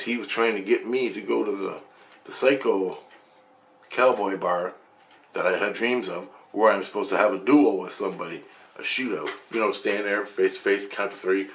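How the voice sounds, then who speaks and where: A man casually recounting a vivid dream in a rambling, excitable way, swearing as he goes. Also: fairly low pitch, slight background noise. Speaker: vlogger.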